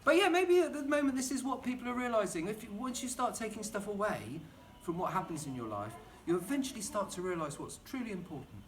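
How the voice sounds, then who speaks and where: A man's voice: high-pitched, expressive, fast, hardly any pauses. A middle-aged man chatting and rambling enthusiastically while demonstrating gardening at home in his kitchen. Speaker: gardening vlogger.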